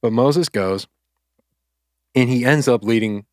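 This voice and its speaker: A man's voice: medium pitch, slow, a little mellow, no echo, studio quality. Casual male podcaster retelling a story. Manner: loose, conversational, acts out quotes with filler words. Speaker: podcast co-host.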